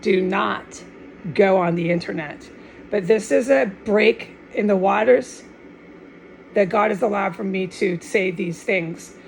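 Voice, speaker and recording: Gravelly-voiced woman in a rambling monologue. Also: medium pitch, measured pace, low-quality recording. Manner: rambling, restarts often, drops in Spanish words; fervent and insistent. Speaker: online video maker.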